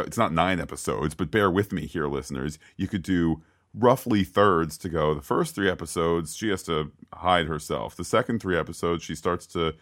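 A man co-hosting a podcast, chatting casually and ranting playfully about a TV episode. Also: low voice. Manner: opinionated, ranting with playful asides. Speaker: podcast co-host.

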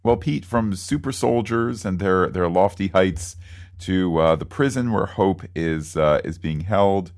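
A man's voice: sits low, a little slow, darkish tone. A man co-hosting a podcast, recapping a TV episode in a wry, wordy, playful way. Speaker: podcast co-host.

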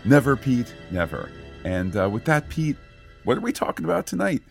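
A man's voice: mid-range voice, very animated, normal speed, vocal fry, faint music behind. A man hosting a casual podcast, bantering playfully with his co-host and leading the show.

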